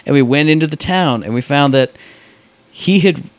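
Man, podcast co-host, casual chat, lively storyteller, dry close sound. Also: on the high side, moderate pace, no echo. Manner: animated storyteller, laughs often.

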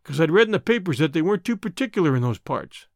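A man voicing a cool, quick-witted young outlaw. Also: a little high, no room sound, clean studio sound. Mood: confiding. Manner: calm, quick-witted replies. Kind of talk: audiobook character reading.

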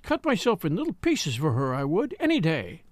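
A man's voice: on the high side, wildly swooping pitch, moderate pace, no room sound. A man voicing a young rustic housemaid who sobs her devotion to her mistress. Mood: tearful. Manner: rustic, tearful speech.

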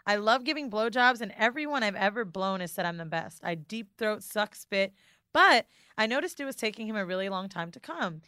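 Bright-voiced woman co-hosting a podcast. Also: mid-range voice, animated, a little fast, clear, resonant tone, no echo, studio quality. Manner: laughing, blunt banter. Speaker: podcast co-host. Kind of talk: casual chat.

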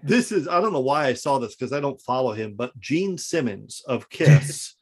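Laid-back american dude on a podcast, mid pitch, chill and agreeable. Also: male voice, lively intonation, normal speed, slightly rough. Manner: easygoing, agreeable, chuckles often. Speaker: podcast co-host. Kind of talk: casual chat.

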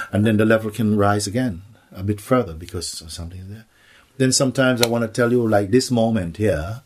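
A man giving a spiritual satsang talk, playful, slipping into acted voices and laughter. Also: on the low side. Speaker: spiritual teacher.

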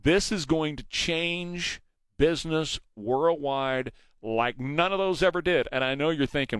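Emphatic radio talk host, dry studio sound. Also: male voice, fairly high pitch, a little slow, a bit bright, smooth, no room sound. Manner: emphatic, rhetorical questions. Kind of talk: morning news talk monologue.

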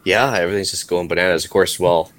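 A man's voice: sits low, steady tone, quick pace, a bit bright. A Canadian man co-hosting a podcast, chatting casually and joking as he rambles through the news. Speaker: podcast co-host. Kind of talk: casual chat.

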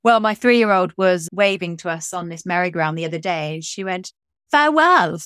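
A woman's voice: lowish voice, fairly even intonation, brisk, clear, resonant tone, no room sound, clean studio sound. A woman in her thirties with an English accent, teasing a podcast host in a playful, casual chat. She is a former co-host of the show.

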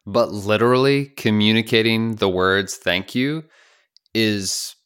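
A man's voice: on the low side, slow pace, a bit bright, clear, resonant tone. A man co-hosting a podcast, talking in a casual, joking, teasing way. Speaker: podcast co-host. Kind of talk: casual chat.

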